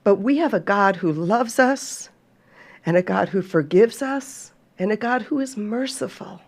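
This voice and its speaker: A woman's voice: mid-range voice, lively intonation, unhurried. A woman hosting a podcast, speaking earnestly and heartfeltly to listeners she calls folks and reading scripture aloud. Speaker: podcast host.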